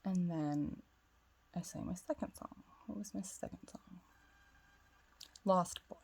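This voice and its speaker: A woman's voice: fairly low pitch, slow, creaky, darkish tone, slightly rough. A woman vlogging as a spiritual guide, telling a long, rambling personal story in casual chat full of "like" fillers, sounding self-assured. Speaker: twin flame spiritual guide.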